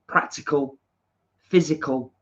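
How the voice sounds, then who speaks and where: A man's voice: on the high side, measured pace, fairly bright tone. A man with a northern English accent co-hosting a casual live stream from his lounge, reading viewer comments aloud and answering them. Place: home lounge.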